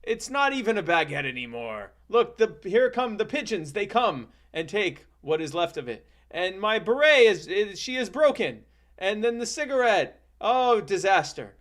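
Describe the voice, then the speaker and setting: A man's voice: high voice, very animated, normal speed, a bit bright, voice pushed up. A man voicing a distraught, melodramatic little boy, for a comedy podcast.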